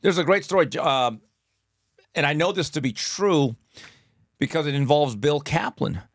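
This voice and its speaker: A man's voice: on the high side, moderate pace, no echo, studio quality. A man hosting a podcast, telling boxing stories in casual chat and acting out the people he quotes. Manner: animated storyteller, acts out quotes loudly. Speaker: podcast host.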